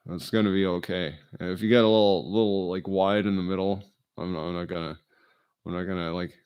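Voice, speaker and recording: A man's voice: low voice, fairly even intonation, a little fast, a little mellow, clear, resonant tone. A middle-aged man talking alone to his vlog audience in a meandering, self-deprecating monologue full of fillers. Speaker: vlogger. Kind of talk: rambling solo monologue. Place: indoors, alone.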